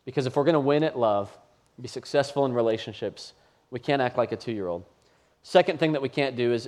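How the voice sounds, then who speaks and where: A man's voice: medium pitch, a little fast, darkish tone. A man in his thirties preaching a sermon to a live church audience, telling stories in a conversational, self-deprecating way. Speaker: pastor.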